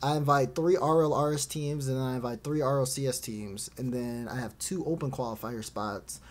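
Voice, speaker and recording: A man's voice: medium pitch, fairly even intonation, normal speed. A man hosting a casual esports podcast, rambling with lots of fillers and frequent laughs. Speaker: podcast host. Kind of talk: casual chat about esports.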